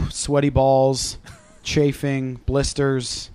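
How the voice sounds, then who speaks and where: A man's voice: mid-range voice, monotone, drawn-out words, warm tone, clear, resonant tone, dry recording. A man hosting a casual podcast, crude and teasing, laughing often. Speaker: podcast host.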